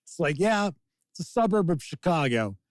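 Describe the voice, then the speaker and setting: A man's voice: on the high side, big pitch swings, normal speed, no echo. A man in his fifties, hosting a casual live-stream chat, rambling and reading out viewer comments. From American. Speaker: podcast host reading chat.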